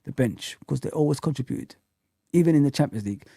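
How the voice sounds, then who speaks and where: A man hosting a fan live chat, ranting heatedly and swearing, rising to shouts when angry. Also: mid-range voice, expressive, fast, creaky, breathy edge, no room sound. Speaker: fan channel host.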